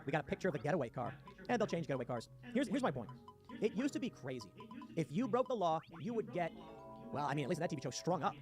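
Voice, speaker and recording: Man, rapid-fire sarcastic rant, high animated voice, music underneath. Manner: fast, sarcastic, combative ranting. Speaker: political commentator. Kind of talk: livestream commentary reading posts aloud. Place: home in West Virginia.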